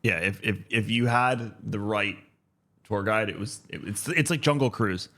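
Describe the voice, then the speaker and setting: A man in his thirties co-hosting a podcast in casual chat, relaxed and halting, with many fillers. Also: fairly low pitch. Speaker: podcast co-host.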